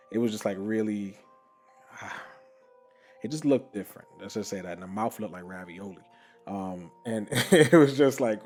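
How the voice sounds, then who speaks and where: A man with a fairly low voice tells a personal story on a podcast, animated and casual. He laughs often and leans on fillers like "like" and "you know". Faint music plays behind him. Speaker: podcast host.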